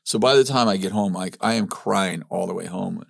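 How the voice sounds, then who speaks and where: Gravelly-voiced man telling a story. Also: deep voice, brisk, dry recording, studio quality. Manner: animated storyteller, acts out quotes, many restarts. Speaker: ministry leader telling his story. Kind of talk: casual storytelling.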